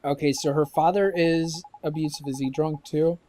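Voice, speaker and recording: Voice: mid-range voice, fairly even intonation, moderate pace, warm tone. A let's-play commentator making casual, joking and sarcastic asides over gameplay.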